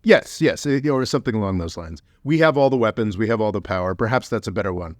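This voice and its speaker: A man co-hosting a podcast in casual political chat, animated and heated, mocking others in quick put-on voices. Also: fairly low pitch, no echo, clean studio sound. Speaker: podcast co-host.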